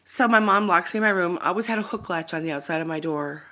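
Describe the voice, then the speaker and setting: A woman speaking into her phone, telling a personal story in a halting, rambling way that keeps wandering off into asides. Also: on the low side, fairly bright tone. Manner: halting, rambling, often digressing. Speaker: vlogger sharing a personal testimony.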